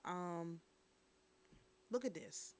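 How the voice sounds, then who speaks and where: A woman's voice: on the low side, expressive, very slow. A woman hosting a casual news and review stream, chatting straight to her viewers.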